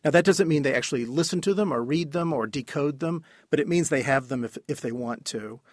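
A man answering questions as an expert guest in a radio interview, explaining at a measured pace with the odd filler. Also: on the high side, darkish tone, no room sound, clean studio sound.

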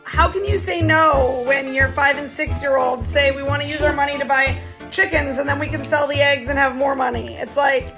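A woman's voice: high-pitched, steady tone, moderate pace, over music. A mother from Wisconsin talking casually and with amusement about her young sons' chicken business. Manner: chatty, amused, quotes her kids. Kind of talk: casual interview.

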